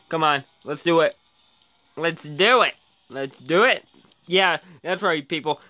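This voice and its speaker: A man from Canada hosting his own gaming channel, giving excitable let's-play commentary and shouting at the game as he races. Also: high voice, unhurried.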